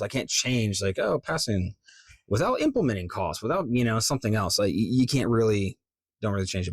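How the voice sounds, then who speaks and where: A man's voice: on the low side, expressive, a little fast, dry recording. A man, a voice actor, thinking aloud as he tries out different readings of an ad script, with casual muttered asides.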